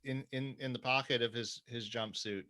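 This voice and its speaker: A middle-aged man talking casually on a podcast, his voice bright and forward. He gets lively and loud in his stories and swears without a second thought. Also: normal speed. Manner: animated storyteller, swears freely, jumps to high pitch when quoting others. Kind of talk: casual chat.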